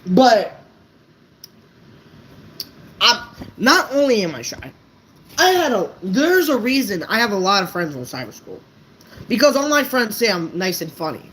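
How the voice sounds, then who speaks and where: A woman's voice: medium pitch, big pitch swings, measured pace, long pauses, fairly bright tone, slight background noise, poor audio. Blunt, profane woman vlogger ranting. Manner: blunt, profane, stumbling over words. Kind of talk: unscripted rant to camera.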